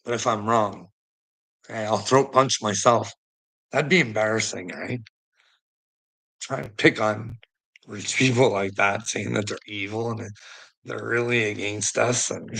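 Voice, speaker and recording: A man's voice: on the low side, fairly even intonation, slow pace, gravelly, long pauses, bright, forceful tone, slightly rough, low-quality recording. A man hosting a rambling live stream, preaching and teasing a viewer directly, laughing often between lines. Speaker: livestream host.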